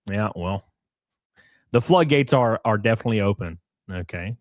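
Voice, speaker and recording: A man's voice: on the low side, lively intonation, moderate pace, pauses often, no echo, clean studio sound. A man hosting a livestream, reading messages aloud with sarcastic, profane commentary. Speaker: streamer host.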